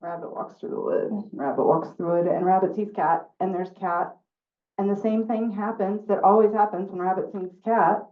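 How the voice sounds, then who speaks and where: A woman storyteller telling a folk tale at a live story slam, slow and deliberate with refrains. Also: mid-range voice, steady tone. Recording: distant phone-like sound.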